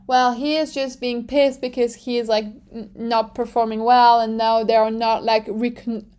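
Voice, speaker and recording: A woman with a French accent hosts a casual podcast, chatty and animated, with plenty of likes and ums. Her voice sits a bit higher than most women's. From France. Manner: chatty and animated, many fillers, laughs often. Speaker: podcast host. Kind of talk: casual chat.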